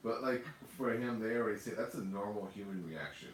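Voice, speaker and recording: A man in casual chat, relaxed, laughing along and trailing off mid-thought. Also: lowish voice, fairly quick. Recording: echoey room, far from the mic, faint noise.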